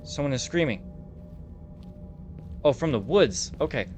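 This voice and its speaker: Brief: young male gamer, nervous and excitable horror commentary, game music underneath. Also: medium pitch, normal speed. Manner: jittery and excitable, with frequent "dude". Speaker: gameplay commentator.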